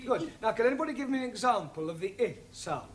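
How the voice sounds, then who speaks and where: An actor playing a patient, wry male English teacher who explains things slowly. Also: high-pitched, expressive, a little hiss or hum.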